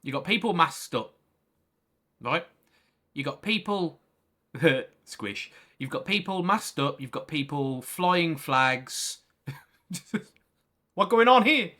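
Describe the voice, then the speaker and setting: A man with a fairly high, bright voice rants over clips on a livestream. His pitch swings up and down as he fires off rhetorical questions and swears freely. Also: takes it slowly, long pauses. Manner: animated, profane rhetorical ranting. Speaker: livestream commentator.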